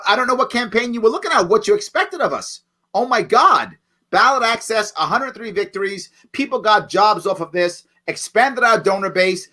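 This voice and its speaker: A man with a high-pitched, bright voice. He talks bluntly and combatively as a candidate, punching his points home, heard over a video call. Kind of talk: lively campaign talk.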